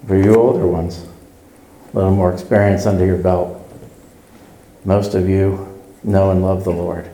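A man's voice: sits low, level tone, moderate pace, long pauses, warm tone, roomy sound, a little hiss or hum, rough recording. A man preaching a conversational sermon at a church service, earnestly putting rhetorical questions to the congregation.

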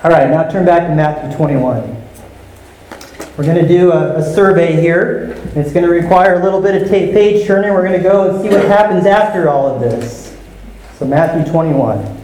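A man's voice: on the high side, normal speed, mellow, slight background noise. A man preaching a teaching sermon, explaining scripture and asking his congregation questions. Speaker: pastor teaching a Bible study. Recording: echoey hall with faint ambience.

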